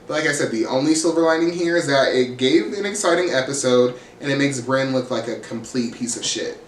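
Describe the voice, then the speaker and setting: A man's voice: medium pitch, brisk. A man recapping a reality TV episode in a casual, blunt and sassy way, cursing freely. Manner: sassy, blunt and profane, acts out quotes. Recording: roomy echo, faint ambient hiss.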